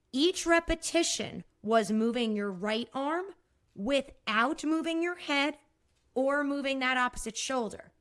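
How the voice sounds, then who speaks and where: Lively, fast-talking woman podcast host. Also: fairly high pitch, dry recording, studio quality. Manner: energetic, swears casually, laughs at herself. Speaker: podcast host and movement therapist. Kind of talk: casual explanatory monologue.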